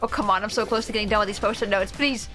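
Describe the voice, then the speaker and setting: A woman's voice: mid-range voice, very fast. A young woman streaming a game, chatting with her viewers, emotional and teary, laughing often. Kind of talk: casual live game stream chat. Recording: music playing behind the voice.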